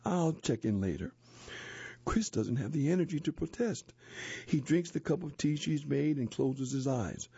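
A man narrating a story and a handbook aloud in a steady, expressive reading voice. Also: a little high, moderate pace, gravelly, husky, dry recording. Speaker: narrator, reader. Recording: dull lo-fi dry recording.

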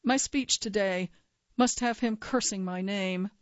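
A woman reading the lines of a gruff, paranoid, dying old male judge who barks and accuses. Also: mid-range voice, measured pace, dry recording, muffled recording, lightly acted. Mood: suspicious, gruff. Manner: gruff, barking, suspicious.

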